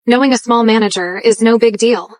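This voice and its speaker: A woman's voice: a little high, a little fast, a little mellow, dry recording, natural voice. A woman playing a haughty fake heiress. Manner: haughty, imperious and scornful. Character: arrogant young woman posing as a rich heiress. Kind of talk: English dub of a short drama.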